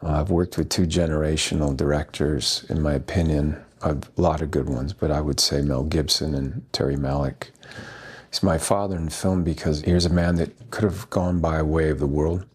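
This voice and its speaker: A man's voice: rumbling low, steady tone, normal speed, husky. A man being interviewed as a guest actor, telling earnest, rambling stories full of restarts. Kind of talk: anecdotal interview storytelling.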